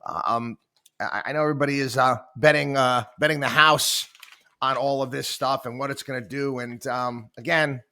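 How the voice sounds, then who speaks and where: A male host talks through material in a loose, halting way, trailing off and restarting often. His voice is bright and forward, at an ordinary pitch for a man. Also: steady tone. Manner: halting, with many fillers and restarts. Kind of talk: casual commentary.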